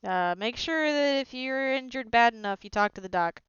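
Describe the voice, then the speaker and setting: A woman's voice: a little high, animated, normal speed, fairly bright tone, clean tone, no echo, lo-fi sound. A woman in tabletop role-play, speaking cheerfully in character as a ship's captain. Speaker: player as ship captain.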